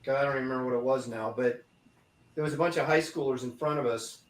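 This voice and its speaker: A man's voice: medium pitch, fast talker, roomy sound. A man in casual chat as a podcast co-host, telling stories and trading dry jokes. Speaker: podcast co-host and comic artist.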